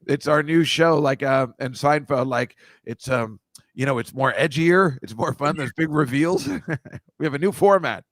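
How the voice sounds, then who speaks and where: A man's voice: fairly high pitch, a little slow, fairly bright tone, dry recording, clean studio sound. A man hosting a casual comedy chat, teasing his guest with a guessing game of photo clues. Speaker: podcast host.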